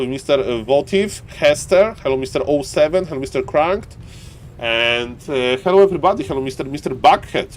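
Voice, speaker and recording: High-voiced excitable male game caster. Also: a little hiss or hum. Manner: excitable, keeps saying "ladies and gentlemen"; voice climbs high and loud in fights. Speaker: esports caster. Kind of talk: live game commentary.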